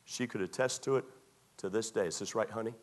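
A man preaching a sermon as pastor, emphatic and repetitive, often dropping to a quiet tone. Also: lowish voice, a little fast.

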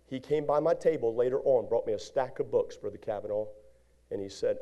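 A man pastor preaching a lively sermon, acting out little scenes and rising to shouts at his peaks. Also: mid-range voice, brisk, lo-fi sound.

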